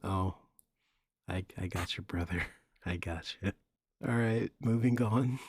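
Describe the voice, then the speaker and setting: A man's voice: low-pitched, a little slow, breathy edge, no echo. Dry-quipping man in a dry room. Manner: dry quips, often dropping to a mumble. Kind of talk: casual chat.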